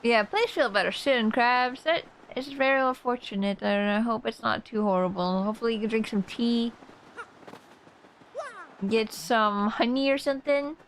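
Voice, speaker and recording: A woman's voice: on the high side, moderate pace, a little hiss or hum, poor audio. A woman streamer chatting casually with her viewers while playing a game. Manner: chatty, greets and reassures chat. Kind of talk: casual gameplay commentary.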